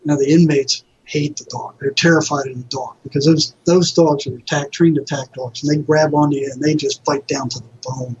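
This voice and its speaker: A retired psychotherapist, speaking in a fairly high, fairly even voice, tells vivid anecdotes at a brisk clip with hardly any pauses, acting out the voices he quotes. It's a casual interview captured on dull lo-fi audio with a little hiss or hum.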